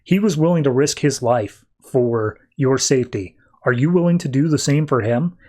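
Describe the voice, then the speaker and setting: A mysterious superhuman stranger, calm and wise, who explains himself patiently and casually, as a man retelling a comic puts him on. The figure stays gentle and unhurried, with a mid-range male voice. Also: medium pitch, lightly acted. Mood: earnest.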